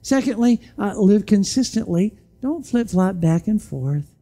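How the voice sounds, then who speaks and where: A pastor preaching a sermon in church, firing off rhetorical questions and sometimes dropping to a quiet, low voice to land a point. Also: animated, a little slow.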